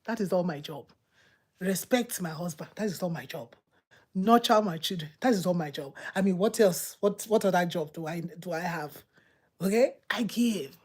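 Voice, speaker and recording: A woman with a husky voice preaches at a moderate pace, exhorting emphatically and repetitively. She alternates between loud outbursts and low murmurs.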